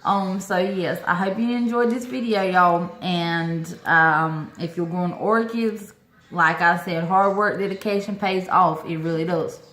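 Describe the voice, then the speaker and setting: Chatty, excitable woman. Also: lowish voice, measured pace, reverberant, slight background noise. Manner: excited, chatty, lots of "y'all" and "oh my God". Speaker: orchid-growing vlogger. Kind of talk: casual chat to camera.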